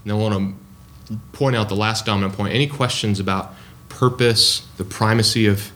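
Guy preaching a sermon, kinda low voice, chatty with ums and restarts. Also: steady tone, moderate pace, a bit bright. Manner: conversational, with many ums and restarts.

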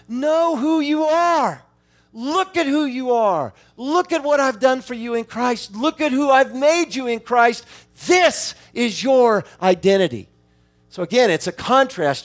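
Male pastor, high voice, expository sermon, reads verses, builds to emphatic calls. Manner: rises to emphatic exhortation; reads scripture aloud between points.

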